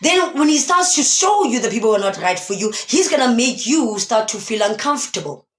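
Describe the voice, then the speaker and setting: A woman's voice: a little high, sing-song, fairly quick. A woman from South Africa giving a motivational talk on a live stream, speaking emphatically and asking many rhetorical questions. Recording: echoey room.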